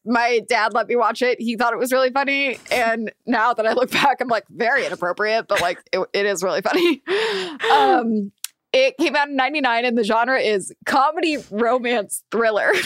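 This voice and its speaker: A woman in her thirties chatting casually as a co-host, enthusiastic and quick to laugh. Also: a little high, a bit bright, dry recording, clean studio sound. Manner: giggly, enthusiastic, laughs often. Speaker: podcast co-host. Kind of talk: casual chat.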